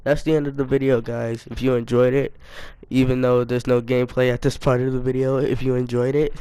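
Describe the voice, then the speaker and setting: A young man telling a casual story to his viewers, animated and self-mocking, full of slang. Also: mid-range voice, brisk, clean tone, no echo. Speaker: storytime YouTuber.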